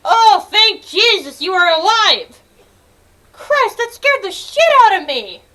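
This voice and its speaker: A young woman narrates her gameplay in a very high, bright voice that leaps all over the place. She is excitable and swears freely, breaking into yells and laughter as she plays. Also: takes it slowly. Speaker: gaming video creator. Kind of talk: let's-play gameplay commentary.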